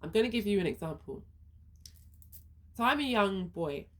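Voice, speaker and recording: A woman's voice: medium pitch, expressive, moderate pace. A woman speaking her views in an earnest monologue, walking through a hypothetical first-person story step by step. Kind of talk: reflective monologue.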